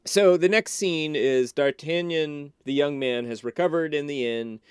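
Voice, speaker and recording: A man as a podcast guest, casually retelling a film in an animated, loose way with many restarts. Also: a little high, measured pace, clean tone, dry recording, clean studio sound.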